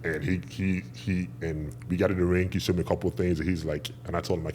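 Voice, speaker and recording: Laid back guy from nigeria, guesting on a podcast, lowish voice, faint bit of noise behind. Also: level tone, fast. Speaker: guest wrestler. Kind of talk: casual chat.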